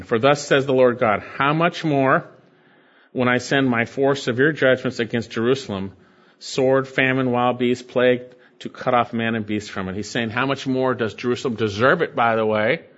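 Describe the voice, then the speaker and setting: A pastor preaching an expository sermon, reading scripture aloud and explaining it, swinging between emphatic and quiet delivery. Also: male voice, mid-range voice, highs cut off.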